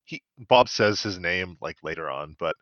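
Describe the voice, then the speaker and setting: A man in his thirties joking around in casual podcast chat, animated and full of fillers. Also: low-pitched, moderate pace, no echo, dull audio. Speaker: podcast co-host.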